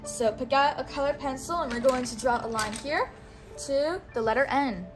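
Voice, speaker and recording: A woman teaching a child one-on-one, speaking slowly and patiently and repeating words for the child to say back. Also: high voice, over music. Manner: slow, coaxing, repeats words for the child to echo.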